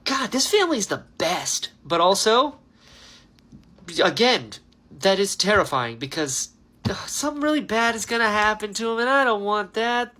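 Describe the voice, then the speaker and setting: A man giving a casual, animated book reaction, ranting with lots of fillers. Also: high-pitched. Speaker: book reviewer.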